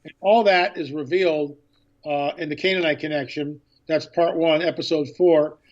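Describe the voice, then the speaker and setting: A man guesting on a radio interview as an author and filmmaker, telling a story with excitement and acting out past conversations. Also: fairly high pitch, normal speed, lo-fi sound.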